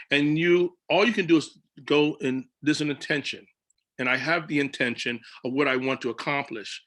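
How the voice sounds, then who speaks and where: A man, a children's book illustrator, telling stories on a video call and acting out his own lines. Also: fairly high pitch. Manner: animated storytelling, acts out his own quoted lines. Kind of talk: casual talk on a video call panel.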